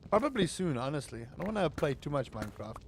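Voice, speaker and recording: A man streaming a game, chatting casually and playfully with his viewers, sometimes bursting into loud, excited hype. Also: a little high, fast talker, creaky, a little hiss or hum. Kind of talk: casual live-stream chat.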